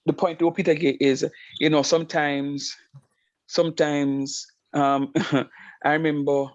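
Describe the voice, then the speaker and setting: A man teaches math online, shifting from emphatic stories into steady explanation. His voice sits a bit high. The call audio is dry and dull, with a lo-fi edge. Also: dry recording. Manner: animated storytelling, emphatic.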